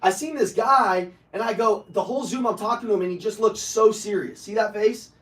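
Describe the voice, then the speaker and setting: High-voiced, brash male sales coach. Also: brisk, roomy sound, far from the mic, poor audio. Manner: brash, profane, fired-up coaching, bursts into shouting. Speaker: sales trainer. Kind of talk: live motivational sales training. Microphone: online video call.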